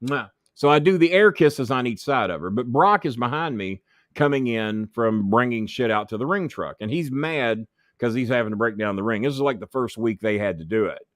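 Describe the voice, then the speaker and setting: An animated man with a medium-pitched, slightly bright voice speaks at a normal pace. He is a former wrestling manager telling profane backstage anecdotes in an interview and voicing the people he quotes, recorded at studio quality with no room sound.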